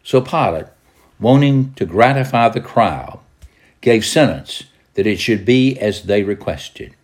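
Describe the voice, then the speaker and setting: Low-voiced man reading scripture dramatically. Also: animated, measured pace. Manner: dramatic, raises pitch and volume for quoted voices.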